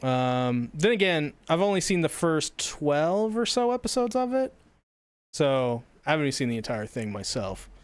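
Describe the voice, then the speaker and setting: A man with a fairly high, smooth and clear voice that rises and falls a lot. He chats casually and enthusiastically as a podcast co-host, steering the conversation along, on a dry close mic. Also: sing-song, normal speed, dry recording. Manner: enthusiastic, gushing, moves the show along. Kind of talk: casual chat.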